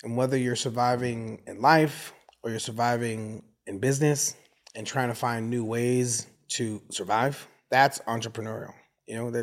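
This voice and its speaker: A man in his forties, from the United States, telling stories as an interview guest and slipping into voices from his neighborhood. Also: medium pitch. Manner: animated storyteller who acts out neighborhood voices. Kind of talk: casual interview.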